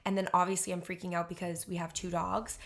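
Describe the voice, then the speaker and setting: This young podcast co-host speaks fast in a gravelly, lowish voice. She's an animated storyteller in casual chat, leaning heavily on "like."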